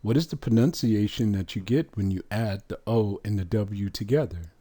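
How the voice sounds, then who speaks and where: A man teaching a religious language lesson, drawing out letter sounds slowly and putting questions to the listener. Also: on the low side, dark tone.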